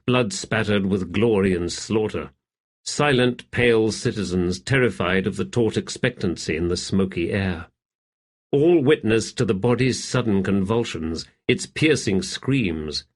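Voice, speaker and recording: A man narrating an epic fantasy audiobook in a measured, steady way. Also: on the low side.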